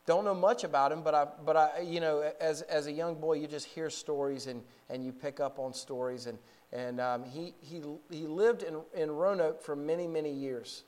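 Fervent preaching man, fairly high voice. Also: steady tone, normal speed, hardly any pauses, darkish tone. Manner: storytelling that builds to fervent, raised preaching; frequent word repetitions and restarts. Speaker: pastor. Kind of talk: sermon.

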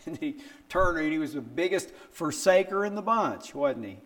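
An older man preaching a sermon, telling stories with rhetorical questions and acting out quotes with sudden jumps in pitch. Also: normal speed. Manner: animated storytelling with rhetorical questions. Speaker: pastor.

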